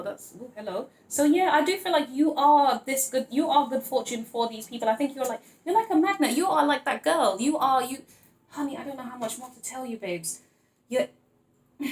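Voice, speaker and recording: Playful chatty woman reading tarot, echoey room. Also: a little high. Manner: playful, rambling, chatty, with frequent laughs and fillers. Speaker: tarot card reader. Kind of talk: casual tarot reading to camera.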